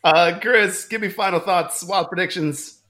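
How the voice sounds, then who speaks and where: Bright-voiced upbeat man hosting. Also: sits high, a little slow. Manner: upbeat, laughs often, steers the talk. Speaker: podcast host. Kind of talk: casual chat.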